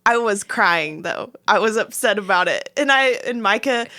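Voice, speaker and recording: A young adult woman co-hosts a casual podcast with a bright, forward tone. She tells stories animatedly, jumping into the voices of the people she quotes. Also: medium pitch, normal speed. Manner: animated storyteller, acts out quotes. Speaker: podcast co-host. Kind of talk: casual chat.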